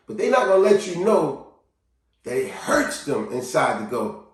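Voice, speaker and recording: A man giving a casual motivational talk to camera, animated, acting out cheerful greetings and quiet sad confessions. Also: normal speed, distant mic. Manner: animated, acts out greetings in a higher voice and sad confessions in a low murmur. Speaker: vlogger. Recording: very echoey room, voice from off mic.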